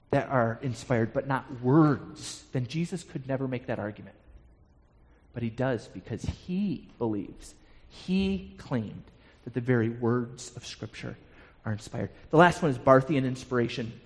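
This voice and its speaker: A man's voice: medium pitch, darkish tone. A man teaching a Bible class, explaining passages to his listeners and stumbling into repeated words as he restarts a thought. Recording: long hall reverb.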